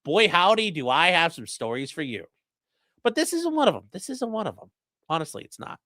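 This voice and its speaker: In a casual legal-commentary stream, the host reads chat and reacts bluntly, swearing and mocking, swinging from loud bursts to low muttering. The delivery is very animated and fairly quick. The recording is dry, with clean studio sound.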